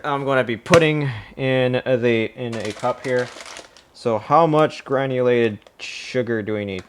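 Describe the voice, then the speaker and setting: A man's voice: medium pitch, slight background noise. A man streaming live from his kitchen, a bit out of breath, rambling, swearing and reading a recipe aloud as he cooks. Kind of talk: casual live-stream chat while cooking.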